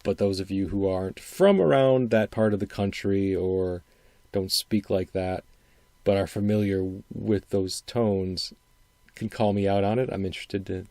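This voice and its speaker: A man's voice: on the low side, warm tone, no echo. A middle-aged man from Wisconsin with a faint upper Midwestern accent, hosting a solo podcast in a rambling, thinking-aloud way. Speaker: podcast host. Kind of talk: casual solo podcast commentary.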